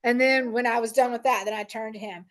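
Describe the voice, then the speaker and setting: Middle-aged woman, parent trainer at a recorded meeting, higher pitch, relaxed conversational delivery with fillers. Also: fast talker. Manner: conversational, frequent "right?" and "um".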